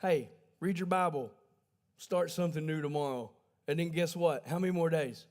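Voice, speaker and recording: At a moderate pace, a male pastor tells folksy stories in a livestreamed sermon, stopping along the way to fix what he's said. He has a slightly mellow voice that sits somewhat high for a man.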